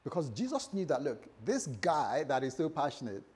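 Husky guy preaching, pitch jumping all over, acts out other people's voices. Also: moderate pace. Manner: animated, swings between loud and soft, acts out voices. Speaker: pastor. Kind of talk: sermon.

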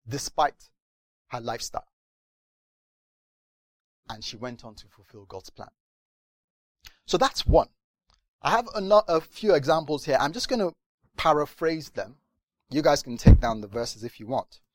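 A man's voice: on the high side, no room sound. A man preaching a sermon, telling stories animatedly and acting out voices. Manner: animated storytelling with acted voices.

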